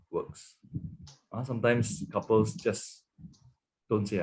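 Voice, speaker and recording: Malaysian English pastor teaching casually. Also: male voice, medium pitch, lively intonation, measured pace. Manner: conversational, repeats words, checks in with "okay" and "right". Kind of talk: church teaching on marriage. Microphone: webinar microphone.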